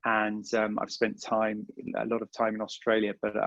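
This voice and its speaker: A man's voice: fairly low pitch, monotone, moderate pace, fairly bright tone, no echo. A man with an English accent giving a casual virtual presentation about a university, chatty and full of ums and uhs. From England. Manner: chatty, repeats words, many filler ums and uhs. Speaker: university recruiter. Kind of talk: virtual info session presentation. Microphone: video call. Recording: dull lo-fi video call audio.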